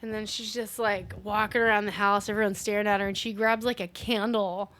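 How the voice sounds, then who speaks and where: A woman co-hosting a casual movie review, retelling scenes in animated detail and swearing freely. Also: mid-range voice, fairly quick. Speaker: podcast co-host.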